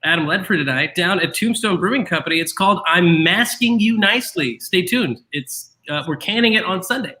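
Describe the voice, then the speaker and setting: A man hosting a live podcast, joking quickly and laughing often. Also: high voice, animated, bright, forceful tone, slight background noise, rough recording. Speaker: podcast host.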